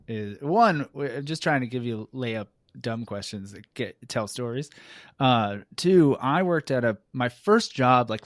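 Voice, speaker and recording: A man's voice: mid-range voice, no echo, clean studio sound. A man hosting a casual podcast, playfully tossing out offbeat questions. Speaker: podcast host. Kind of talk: casual chat.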